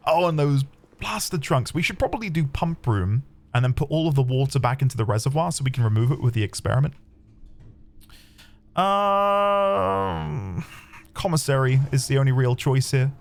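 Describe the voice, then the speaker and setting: A man commentating his own game playthrough, chatty and excitable, talking to his viewers. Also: medium pitch, normal speed, gravelly. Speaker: game streamer. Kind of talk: let's play commentary. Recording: faint background music.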